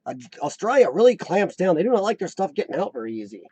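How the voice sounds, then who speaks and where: A man hosting a casual live chat, rambling and answering viewers, his voice a little rough from lung trouble. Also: sits high, big pitch swings, quick pace, dark tone. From United States. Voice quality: slightly rough voice from lung problems. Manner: rambling, chatty, laughs often, answers viewers by name. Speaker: livestream host.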